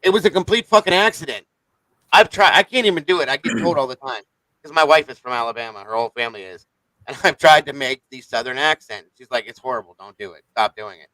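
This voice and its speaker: A man's voice: medium pitch, animated, fast, pushed and bright, no echo, low-quality recording. A man hosting a casual livestream chat, talking bluntly and swearing often. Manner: blunt, profane, defensive. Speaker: livestream host.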